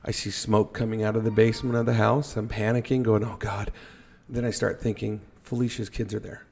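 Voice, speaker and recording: A middle-aged man telling a story on a podcast, animated and joking as he goes. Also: fairly low pitch, brisk, vocal fry, slightly rough. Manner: animated storyteller, jokey asides. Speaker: podcast guest. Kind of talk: casual storytelling.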